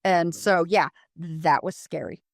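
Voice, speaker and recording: A middle-aged woman from Colorado telling a paranormal investigation story in a casual interview, animated and full of fillers, acting out quotes. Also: on the low side, takes it slowly, vocal fry, dry recording, clean studio sound.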